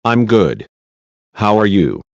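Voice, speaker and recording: A man's voice: lowish voice, very animated, takes it slowly, creaky, dry recording, exaggerated voice. A man reading a polite female witness. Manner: short, polite answers. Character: female witness answering under oath, polite. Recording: dull lo-fi recording.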